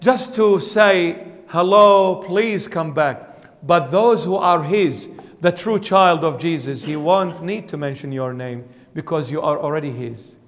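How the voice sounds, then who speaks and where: A man's voice: a little high, measured pace, big-room sound. A man, a bishop, preaching a sermon emphatically and putting questions straight to his congregation. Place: church.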